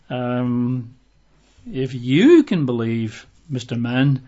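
A man's voice: mid-range voice, moderate pace. Conversational male preacher, lo-fi sound. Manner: conversational, acts out quoted voices. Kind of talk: sermon. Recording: dull lo-fi recording.

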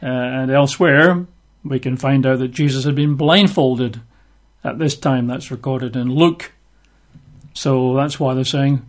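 Chatty teacher. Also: male voice, mid-range voice, a little slow. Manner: chatty, wry asides between scripture readings. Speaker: Bible teacher. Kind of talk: conversational sermon.

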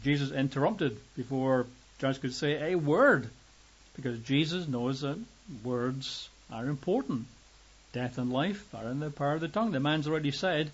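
A man's voice: normal speed, slightly rough, lo-fi sound. A man preaching a sermon, reading scripture and explaining it conversationally, acting out the quoted voices. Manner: conversational, acts out quoted voices with rising pitch.

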